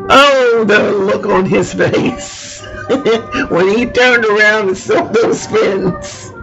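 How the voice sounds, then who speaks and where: A woman from tells a rambling personal story, laughing often and searching for words. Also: a little high. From Louisiana. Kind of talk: personal anecdote told aloud. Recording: lo-fi recording with music behind.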